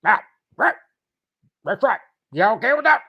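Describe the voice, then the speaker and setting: A man's voice: high-pitched, sing-song, a little slow, slightly rough, muffled recording, pitched above the performer's own voice, exaggerated voice. A man doing a drawling older movie star. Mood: teasing.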